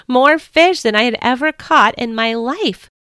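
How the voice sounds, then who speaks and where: A woman voicing an impulsive, gruff fisherman who hollers to his crew, in a family storybook reading. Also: fairly high pitch, unhurried, a bit bright, no room sound, voice pushed up. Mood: excited. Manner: hollering and exclaiming.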